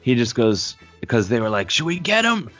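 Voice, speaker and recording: A man's voice: mid-range voice, sing-song, moderate pace, fairly bright tone, muffled recording, soft background music. Rambling man telling a story. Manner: rambling, many fillers and restarts, acts out voices. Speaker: storyteller guest. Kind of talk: casual anecdote.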